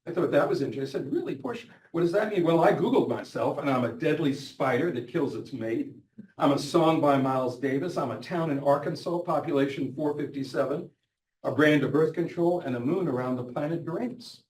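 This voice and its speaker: An older physician, telling anecdotes about patients and quoting them in lively voices. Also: male voice, on the high side, a little fast. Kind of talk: storytelling talk. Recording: echoey room, from a distance.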